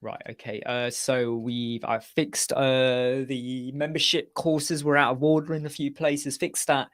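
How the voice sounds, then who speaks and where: Male live-chat host, chatty and jokey, mid-pitched, dry close sound. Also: level tone, a little slow, a bit bright, no echo. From United Kingdom. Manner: chatty, jokey, answers viewers by name. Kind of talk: casual live-stream chat.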